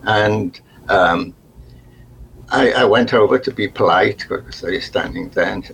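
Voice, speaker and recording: A man with a Liverpool accent telling a workplace anecdote in a halting way, acting out other people's voices. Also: fairly low pitch, gravelly, a bit bright, slight background noise, poor audio. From Liverpool, England.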